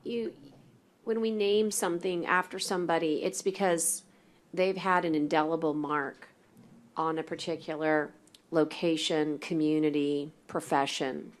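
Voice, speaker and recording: Low-voiced woman chairing a county meeting. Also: fairly even intonation. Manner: gracious, measured, formal. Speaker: county judge chairing the court.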